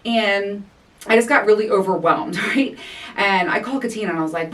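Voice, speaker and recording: A woman's voice: mid-range voice, fairly quick, a bit bright, distant mic. A woman in her forties hosting her own podcast, talking candidly in a casual chat, laughing often and swearing freely. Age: 40s. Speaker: podcast host. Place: home recording space.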